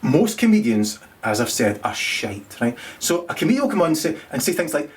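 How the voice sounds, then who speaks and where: A man's voice: on the high side, big pitch swings, brisk. A middle-aged man, doing a rambling, crude stand-up monologue, full of swearing and stumbling restarts, laughing at his own jokes. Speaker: comedian.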